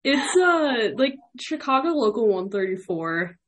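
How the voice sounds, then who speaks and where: A woman's voice: on the high side, big pitch swings, unhurried. A young woman hosting a podcast, chatting in a bubbly, rambling way and laughing often. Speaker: podcast host. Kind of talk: casual interview chat.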